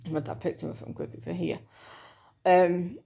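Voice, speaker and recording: A woman's voice: on the low side, steady tone, moderate pace, creaky, dark tone, muffled recording, a little hiss or hum. A woman in her thirties giving a chatty, hesitant personal vlog update with lots of fillers. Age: 30s. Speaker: vlogger.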